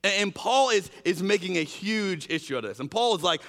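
A man's voice: high-pitched, moderate pace, vocal fry, big-room sound. A man preaching a sermon as pastor, conversational with fillers, acting out quoted exchanges in changing voices. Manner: animated, acts out quoted exchanges with shifting voices; conversational, uses fillers like "like" and "you know".

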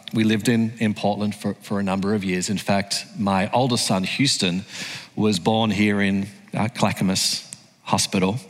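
An Australian man in his forties preaching a sermon, telling his story earnestly and building to emphatic peaks. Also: on the low side. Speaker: pastor. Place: large church hall. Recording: long hall reverb.

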